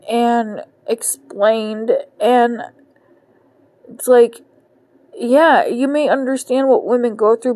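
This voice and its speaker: A woman's voice: fairly high pitch, darkish tone, dry recording. A woman in her thirties venting in a personal podcast monologue, emotional and close to tears, swearing constantly in frustration, recorded from her bed at home. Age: 30s. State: on the verge of tears. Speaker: podcast host.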